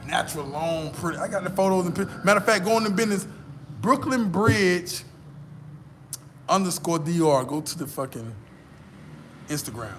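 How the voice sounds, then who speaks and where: An American man vlogging, telling a boastful, profane story in a casual, animated way. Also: fairly high pitch, quick pace, slight background noise.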